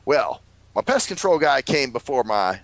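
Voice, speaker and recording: Male co-host, gravelly voice, lively pitch, dry close recording, rambling and profane. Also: moderate pace, no room sound, rough recording. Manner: rambling storyteller, swears a lot, laughs often. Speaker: podcast co-host. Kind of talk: casual chat.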